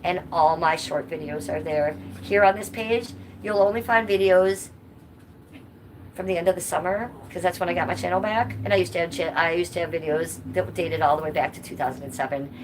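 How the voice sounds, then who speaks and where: A woman's voice: lowish voice, a little fast. A woman live streaming from home, chatting casually and answering her viewers' comments. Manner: chatty, reads chat aloud and answers viewers. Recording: noisy background.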